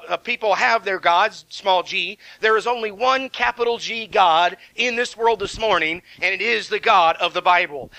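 Middle-aged male pastor, folksy sermon delivery, high bright voice, dry close sound. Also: dry recording, poor audio. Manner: folksy and conversational, with many fillers and restarts.

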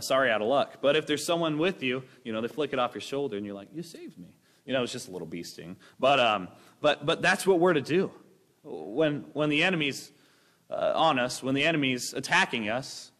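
A young man preaching a sermon with a rambling, energetic delivery, breaking into acted-out voices. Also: on the high side. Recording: long hall reverb.

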